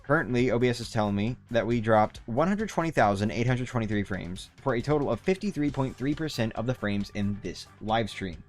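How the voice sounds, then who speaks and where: A man's voice: mid-range voice, expressive, a little fast, hardly any pauses, faint music behind. A young man chatting loosely while streaming a game, rambling and swearing casually. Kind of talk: casual live-stream commentary.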